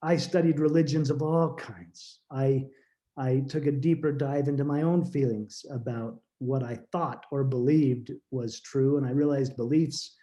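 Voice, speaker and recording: A middle-aged man telling a deeply personal story as a podcast guest, earnest and halting, often restarting his words. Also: fairly even intonation, dark tone.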